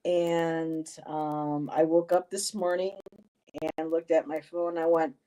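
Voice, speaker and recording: A woman in a casual vlog, talking to her viewers with many ums and pauses, gushing and emotional. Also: low voice, level tone, warm tone. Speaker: vlogger.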